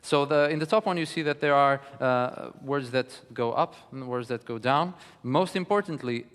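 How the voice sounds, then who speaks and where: Guy teaching a music class, calm and careful, stops a lot to think, roomy hall sound. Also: mid-range voice, smooth. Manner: measured, thoughtful, with frequent pauses. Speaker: lecturer. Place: studio hall. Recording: long reverb of a studio hall.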